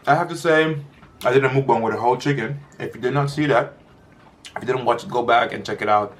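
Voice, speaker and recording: Talking fast in a mid-range voice, a mukbang vlogger chats casually as he eats, rambling and pausing to chew between sentences.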